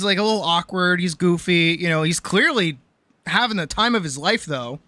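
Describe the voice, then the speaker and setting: A young adult woman streamer telling a story in a casual, animated rant, swearing often and full of fillers. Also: on the low side, no echo.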